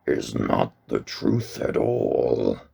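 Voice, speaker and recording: A man reading aloud and voicing an ancient giant tree monster in a low, slow, grave voice. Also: wildly swooping pitch, vocal fry, dark tone, husky, heavily acted. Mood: gentle. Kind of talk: audiobook reading.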